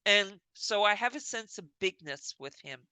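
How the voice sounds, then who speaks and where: A woman medium relaying spirit messages to an audience, talking in halting phrases with many restarts. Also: medium pitch, lively intonation, bright, forceful tone, clean tone, dry recording. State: tearful at times.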